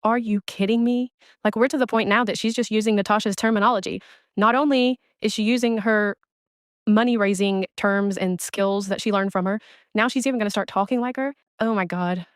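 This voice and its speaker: A woman's voice: mid-range voice, steady tone, fairly quick, clear, resonant tone, no echo. A woman delivering a blunt, scornful commentary rant, speaking close to the mic. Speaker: commentary creator. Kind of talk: ranting commentary on another streamer.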